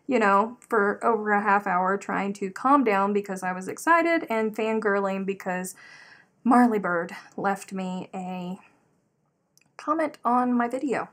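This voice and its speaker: A woman in her thirties hosts a live craft stream, chatting casually while crocheting, telling animated stories and reading viewer comments aloud. Her voice is medium-pitched and a little slow.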